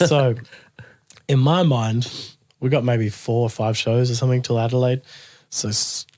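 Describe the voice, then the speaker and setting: A man's voice: mid-range voice, measured pace, no echo, studio quality. A man, a guest musician, telling a story in a casual interview, laughing often and acting out what people said. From Australia. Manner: animated, laughing storyteller who acts out quotes.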